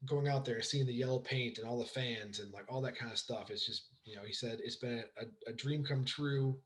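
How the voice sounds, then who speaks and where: An excited young man talks football with a friend on a casual podcast. His voice is a bit hoarse, and he rambles through fillers and restarts, lowering his volume as he trails off. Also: low-quality recording. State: hoarse from shouting. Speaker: podcast co-host. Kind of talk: casual sports chat.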